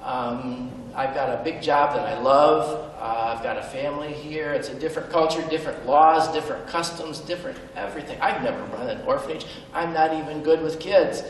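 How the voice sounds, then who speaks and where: A man's voice: fairly high pitch, a little fast, few pauses. Earnest man speaking in an echoey hall. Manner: earnest, with self-deprecating humor and hesitant fillers. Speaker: speaker at a benefit event. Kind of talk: personal storytelling speech. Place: large event hall. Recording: echoey hall, mic far off, faint background noise.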